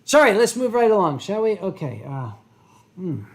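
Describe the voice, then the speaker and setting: A man in his fifties hosting a casual live stream while drinking wine and answering chat. He talks in a slow, rambling, profane way, with dramatic pauses and theatrical swings between loud outbursts and quiet asides. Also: sits high, very animated. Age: 50s.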